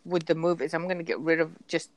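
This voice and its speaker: A woman's voice: deep voice, steady tone, fast, a little hiss or hum. A woman co-hosting a podcast who chats casually and often chimes in with short agreements. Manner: agreeable, with many short backchannels. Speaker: podcast co-host. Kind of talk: casual chat.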